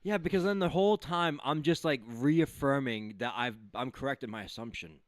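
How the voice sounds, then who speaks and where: A man's voice: mid-range voice, moderate pace, no room sound. A man co-hosting a casual podcast, riffing on movies, swearing and acting out quotes. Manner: animated, swears, acts out quotes. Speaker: podcast co-host. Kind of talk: casual profane chat.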